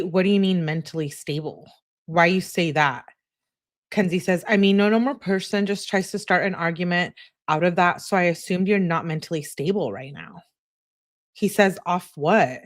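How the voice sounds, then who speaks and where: Reading text messages out loud on her true-crime channel, this host breaks in with chatty comments between them. She speaks at a normal speed in a lowish voice, and the studio recording is dry and clean.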